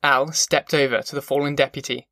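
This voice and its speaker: Bright-voiced male audiobook narrator. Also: mid-range voice, dry recording, studio quality. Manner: measured, even storytelling.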